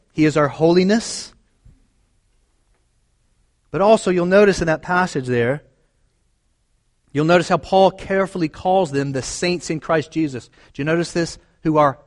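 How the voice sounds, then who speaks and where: Male pastor, emphatic sermon delivery, slightly higher voice, repeats phrases for emphasis. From United States.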